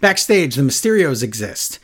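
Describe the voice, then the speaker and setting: A man chatting casually on a podcast, animated and acting out quotes in a lowered voice. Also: normal speed, slightly rough. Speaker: podcast co-host recapping wrestling. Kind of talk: casual chat.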